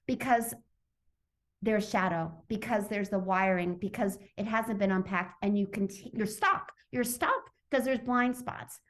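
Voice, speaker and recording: Woman guest, animated storyteller who acts out her own thoughts, video-call interview. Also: mid-range voice, moderate pace. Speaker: summit guest, author.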